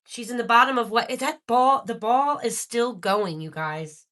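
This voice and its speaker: A woman hosting a live-stream spirit box session, excitable and talking straight to her viewers. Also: on the high side, normal speed.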